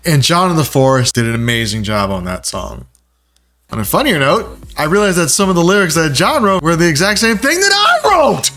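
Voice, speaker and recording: A man's voice: a little high, fairly quick. A man narrating his own video in a casual, self-mocking storytelling voice. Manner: animated and self-mocking, jumps into playful quoted voices. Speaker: video creator.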